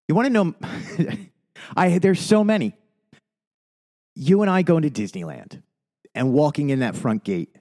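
Co-hosting a casual podcast chat, a man talks in a heartfelt, rambling way, restarting sentences when emotion takes over. His voice is lowish and darkish in tone.

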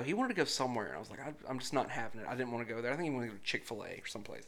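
A man telling stories about his kid in a casual chat, swearing and animated. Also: medium pitch, racing, hardly any pauses. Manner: profane, animated storytelling.

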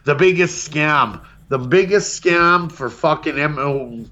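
A man's voice: a little high, slow, few pauses, pushed and bright, muffled recording. A man hosting a podcast, delivering a brash, profane comedic roast rant. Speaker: podcast host.

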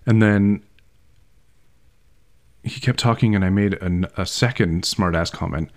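A man's voice: lowish voice, measured pace. A man co-hosting a podcast, telling a school anecdote in casual chat and laughing often. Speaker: podcast co-host.

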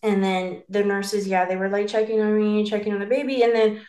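A woman's voice: medium pitch, flat delivery, brisk, mellow, roomy sound. A woman in casual podcast chat, rambling and filling with "like" as she acts out quoted dialogue. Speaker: podcast co-host telling her birth story.

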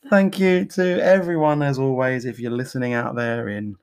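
A woman's voice: rumbling low, steady tone, moderate pace, darkish tone, smooth. A woman hosting a podcast, chatting casually in a rambling, jokey, self-mocking way. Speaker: podcast host. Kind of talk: casual chat.

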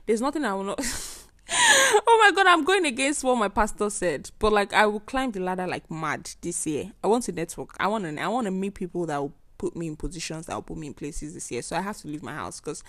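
A woman's voice: on the low side, lively intonation, quick pace, few pauses, no room sound. Emphatic young Nigerian woman podcaster. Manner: emphatic, repeats herself for force. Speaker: podcast host. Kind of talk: casual solo monologue.

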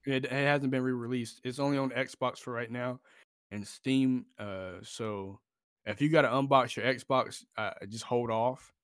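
A man co-hosting a casual podcast chat, relaxed and teasing, with some casual swearing. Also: mid-range voice, a little slow, clear, resonant tone, no room sound, studio quality. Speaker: podcast co-host.

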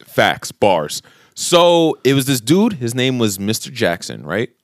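In a dry, clean studio recording, a New York–area man in his thirties co-hosts a podcast, speaking at medium pitch and a little slowly. Animated and profane, he spins a lengthy story for the casual conversation, performing the quotes as he goes.

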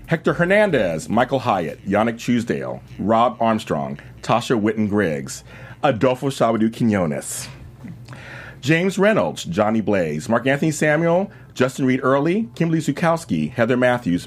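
Animated fifty-year-old male talk show host. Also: medium pitch, slightly rough. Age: 50s. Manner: excitable, rapid-fire, laughing often. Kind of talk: upbeat show host intro and guest roll call.

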